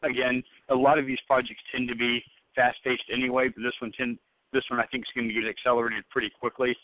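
A man's voice: mid-range voice, level tone, fast talker, no echo. Casting: man as hiring manager on a call, rambling and casual, dry close sound, slightly dull phone audio. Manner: loose, rambling, many fillers and restarts. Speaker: hiring manager interviewing a candidate. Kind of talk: phone job interview.

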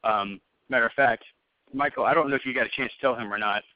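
A man's voice: mid-range voice, quick pace, no echo. A man conducting a job interview over the phone, talking loosely with many fillers and restarts. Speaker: hiring manager interviewing a candidate. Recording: muffled phone-call audio.

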